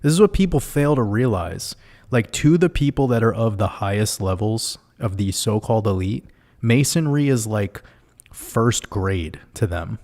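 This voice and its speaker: A man's voice: fairly low pitch, animated, moderate pace, darkish tone. A man hosting a casual livestream, reading out viewer comments in a loose, profane way and laughing often. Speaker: livestream host.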